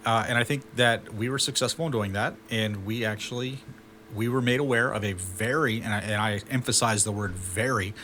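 A man's voice: on the low side, a little fast, pushed and bright, a little hiss or hum. A man co-hosting a casual podcast, talking in a rambling way and often repeating and restarting his phrases. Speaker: podcast co-host.

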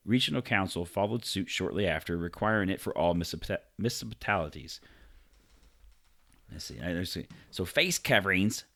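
Male podcast co-host, very deep voice, reads the news with crude jokey commentary. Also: lively intonation, normal speed, gravelly, fairly bright tone. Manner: reads stories aloud with jokey asides, stumbles on names and swears. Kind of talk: casual podcast banter.

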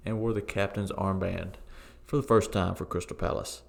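Deep gravelly-voiced man talking football. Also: normal speed. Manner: relaxed, opinionated, frequent fillers. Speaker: co-host of a football podcast. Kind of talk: casual sports chat.

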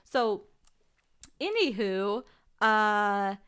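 A woman's voice: medium pitch, animated, very slow, fairly bright tone, clean tone. A young woman co-hosting a podcast in casual chat, blunt and exasperated, with plenty of swearing. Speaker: podcast co-host.

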